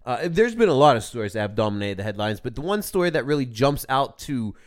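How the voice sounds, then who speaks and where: A man co-hosting a podcast, talking in a casual, animated, ranting way with plenty of swearing. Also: medium pitch, fast talker. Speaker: podcast co-host. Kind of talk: casual chat.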